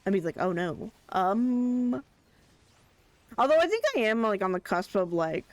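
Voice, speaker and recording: This is a streamer chatting through a gameplay session in a loose, rambling way. The voice jumps into excited chants whenever a favourite character shows up. It sits at a middling pitch, recorded close and dry with no room sound. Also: unhurried, dry recording. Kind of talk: casual gameplay commentary.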